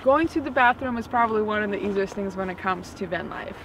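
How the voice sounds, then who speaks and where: A woman's voice: medium pitch, fast talker, distant mic, background noise. Chatty woman vlogger, a bit off-mic. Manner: chatty, repeats "definitely" and "as always". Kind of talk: casual advice vlog.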